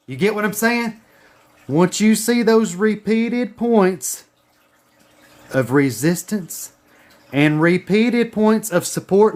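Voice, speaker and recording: High-voiced, profane trading teacher. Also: male voice, a bit bright. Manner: profane, emphatic, repetitive. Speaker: trading educator. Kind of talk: casual screen-share lesson.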